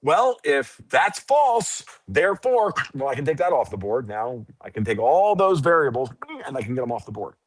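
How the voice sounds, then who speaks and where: A man's voice: medium pitch, husky, no room sound. Male guest, blunt and profane, freewheeling talker, dry close sound. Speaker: podcast guest. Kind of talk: casual interview chat.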